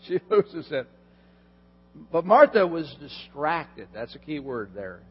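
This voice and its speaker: A man's voice: fairly high pitch, big pitch swings, slow, long pauses, slightly rough. A male pastor giving a sermon in a conversational way, chuckling and asking the audience questions. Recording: dull lo-fi in a reverberant hall with hum.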